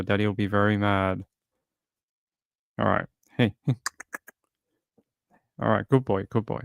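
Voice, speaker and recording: An Australian man with a fairly low voice chats in a rambling, easygoing way on a livestream. He coos gently at his cat between thoughts. The sound is close and dry. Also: flat delivery, slow pace, vocal fry, pauses often, no echo. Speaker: true crime streamer. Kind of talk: casual chat during a livestream. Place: home, indoors. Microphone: desk microphone.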